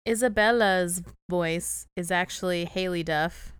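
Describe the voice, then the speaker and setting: A woman's voice: fairly low pitch, measured pace, clear, resonant tone, no echo, clean studio sound. A woman co-hosting a podcast, chatting casually and cheekily about a movie, laughing often. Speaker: podcast co-host. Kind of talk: casual chat recapping a movie.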